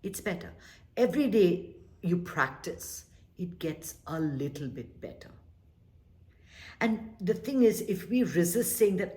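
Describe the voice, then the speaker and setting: A woman with a low voice leads a meditation class, her delivery swinging widely as she coaxes listeners toward calm. She talks earnestly and slips into little acted-out quotes. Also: measured pace. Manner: earnest, gently coaxing, acts out little quoted exchanges. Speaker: meditation teacher.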